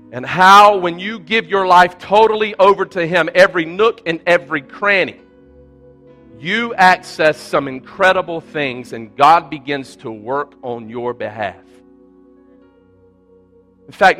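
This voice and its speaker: High, bright-voiced male pastor preaching. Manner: emphatic preaching with repeated phrases, voice rising in quoted pleas. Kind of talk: sermon. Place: church sanctuary.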